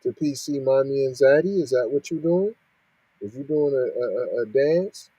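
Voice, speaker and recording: A man reads out news and keeps cutting in to scold, firing off rhetorical questions. His voice is dark and husky. It is recorded dry and close. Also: mid-range voice, moderate pace, no echo, poor audio. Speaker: podcast host reacting to news. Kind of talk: reading and ranting commentary.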